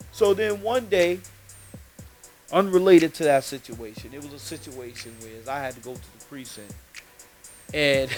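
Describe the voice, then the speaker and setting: A man tells a street story in loose, slangy, emphatic talk. His voice sits a little higher than most men's. Faint music plays under him. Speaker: podcast host.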